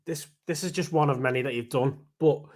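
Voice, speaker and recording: A man's voice: medium pitch, fairly even intonation, fairly quick, a little mellow. A man hosting a casual interview who asks easygoing follow-up questions. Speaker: podcast host.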